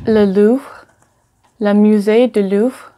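Woman, learner, hesitant repeats, stumbling, very slow. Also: medium pitch, fairly even intonation, mellow.

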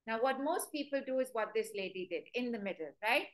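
A woman's voice: a little high, animated, brisk, rough recording. A woman giving a live webinar lesson as a dog trainer, chatty and quizzing her viewers. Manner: chatty, asks the audience direct questions; acts out stern and sweet commands to dogs.

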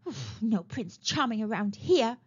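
Storybook princess, dreamy and dramatic, high and swoopy, shrieks when upset, a woman voicing her. lo-fi sound. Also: expressive, a little slow, husky, heavily acted.

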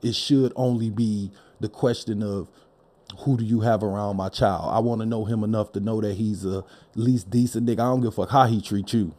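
Blunt, profane Detroit man with a mellow voice. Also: on the low side, fairly even intonation, brisk, hardly any pauses. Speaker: podcast host. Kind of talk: casual opinion monologue.

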